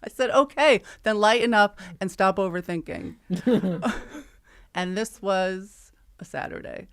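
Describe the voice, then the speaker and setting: This middle-aged podcast co-host chats casually through a story, performing the texts and dialogue and laughing often. She has a medium-pitched, clean voice and speaks slowly with frequent pauses.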